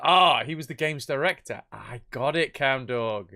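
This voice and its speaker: A man's voice: medium pitch, normal speed, few pauses, bright, forceful tone. A man casually commenting on a game he is streaming, joking and reading its text aloud.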